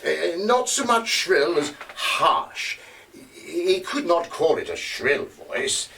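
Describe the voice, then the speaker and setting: A man's voice: on the high side, big pitch swings, gravelly, bright, forceful tone, a little hiss or hum, full character voice. A man playing a hesitant male investigator. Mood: measured. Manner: halting, with frequent hesitations. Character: male investigator reporting witness testimony. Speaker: stage actor. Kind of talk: live stage drama reading. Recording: distant mic.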